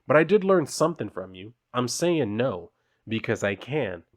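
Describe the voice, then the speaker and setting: A man's voice: mid-range voice, very animated, normal speed, close to an everyday voice. A man reading an earnest remorseful teen boy. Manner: earnest, resolute. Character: remorseful teenage boy defying a killer.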